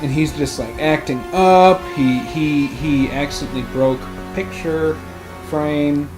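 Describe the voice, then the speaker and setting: A man's voice: fairly high pitch, steady tone, unhurried, over music. Rambling, swearing young man telling stories. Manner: rambling storytelling, swears freely, laughs often. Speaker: let's play host. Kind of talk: casual chat over gameplay.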